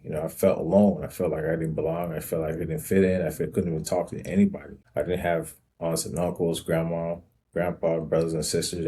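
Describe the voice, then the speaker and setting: Male storyteller, low dark husky voice, slow reflective delivery, personal monologue. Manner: slow, reflective, with frequent ums. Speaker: host telling his own story.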